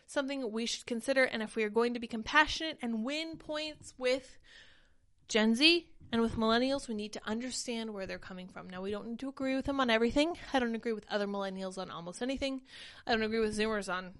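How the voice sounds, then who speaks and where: A woman's voice: on the high side, fast, a bit bright. A woman in her thirties hosting a political commentary livestream, chatting conversationally and reading tweets and comments aloud. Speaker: host.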